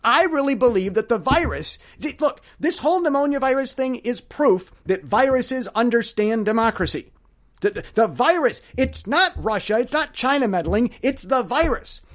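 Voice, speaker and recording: A man's voice: very high-pitched, expressive, normal speed, fairly bright tone. A man hosting a solo podcast, telling a rambling story with sarcasm and lots of stammered restarts. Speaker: podcast host.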